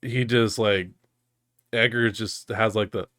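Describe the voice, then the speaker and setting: A man's voice: lowish voice, steady tone, slow pace, a bit bright, no echo. Rambling man, dry close sound. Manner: rambling with many fillers, laughs often. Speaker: podcast co-host. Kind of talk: casual chat.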